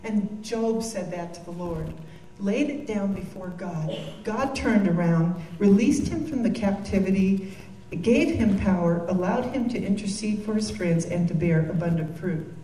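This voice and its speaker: A woman's voice: mid-range voice, unhurried, warm tone, slight background noise. A woman giving a devotional talk, earnest and heartfelt, with joking asides. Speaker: Christian speaker. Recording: echoey room from a distance.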